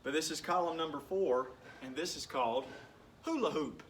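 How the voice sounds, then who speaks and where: A man's voice: fairly high pitch, moderate pace, a bit bright, distant mic, a little hiss or hum. A man leading a workout as a PE coach, upbeat and encouraging, joking as he goes, sometimes a bit out of breath. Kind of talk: home workout instruction.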